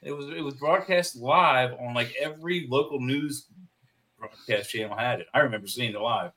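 A man's voice: mid-range voice, normal speed, bright, forceful tone. A man co-hosting a casual livestream chat, wry and explanatory, often restarting his sentences. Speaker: podcast co-host.

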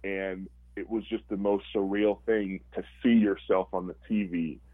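A man's voice: low-pitched, steady tone, normal speed, dry recording, phone-quality sound. A man, a former football player, telling his story casually and animatedly, acting out quotes with lots of fillers.

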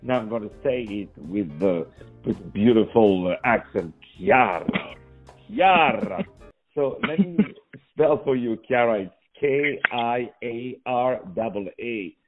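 A man's voice: medium pitch, measured pace, phone-quality sound, faint music behind. A man hosting a radio show, greeting and interviewing a guest in an effusive, theatrical way. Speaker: radio host.

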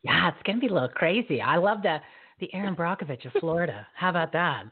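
A woman's voice: lowish voice, expressive, fast, slightly rough. A woman hosting a live show, talking to her guests in an enthusiastic, teasing way. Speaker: show host. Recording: tinny phone-like line.

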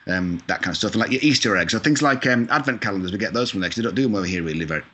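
Chatty Scottish-born man, quick and bright. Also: fairly low pitch, animated. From Scotland. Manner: chatty, self-deprecating, mild swearing, many fillers. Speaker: video game composer, guest. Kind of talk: casual interview chat. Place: lives in California.

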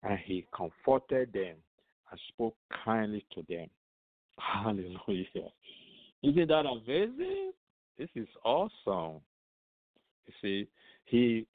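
A man's voice: mid-range voice, dry recording. A man teaching the Bible on radio, reading scripture aloud and asking rhetorical questions that he answers himself, often repeating words as he goes. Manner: reads scripture aloud with commentary. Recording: tinny phone-line sound, dry.

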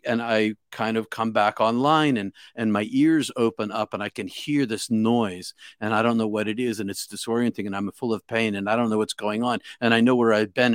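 A man recounting his near-death experience as an interview guest, halting with many restarts and repeated words. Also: medium pitch, no echo, clean studio sound. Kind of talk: emotional first-person storytelling.

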